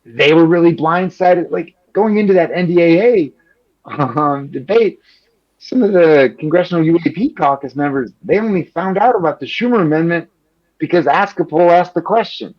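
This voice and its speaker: A male journalist from Chicago, Illinois, answers interview questions in a quick, lively, conversational rush, saying "like" constantly and putting on voices to act out politicians he quotes. His voice is a little high, and the audio is slightly muffled and lo-fi.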